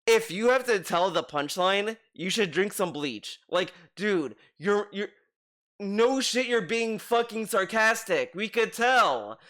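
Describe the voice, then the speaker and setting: A man giving a ranting reaction commentary, sarcastic and exasperated, with plenty of swearing. His voice has a bright, sharp edge throughout. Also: sits high, lively intonation, slow. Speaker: commentary YouTuber.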